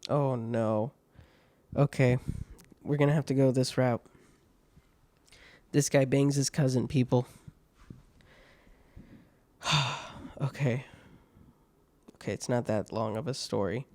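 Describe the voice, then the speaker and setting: Mellow-voiced man reading stories, laughing. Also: medium pitch, steady tone, slow, pauses often, no echo. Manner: laughing, swearing, mocking asides. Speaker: podcast host. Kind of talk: reading online stories aloud with commentary.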